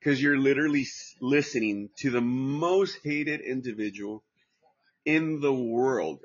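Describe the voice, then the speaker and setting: A podcast host from Southern California chats casually on a livestream podcast, rambling, swearing and often restarting his sentences. His mid-range voice moves at a measured pace with a breathy edge, and the audio sounds dull.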